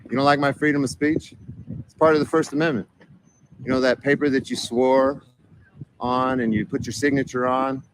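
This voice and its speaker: A man's voice: mid-range voice, little pitch movement, normal speed, a little hiss or hum. Confrontational man lecturing officers. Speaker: auditor in a played clip.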